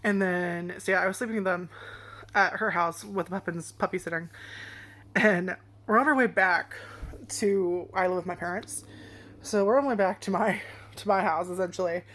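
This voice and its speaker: A woman's voice: lowish voice, moderate pace, a bit bright. A young adult woman telling a rambling casual story as a vlogger, swearing often and laughing along the way.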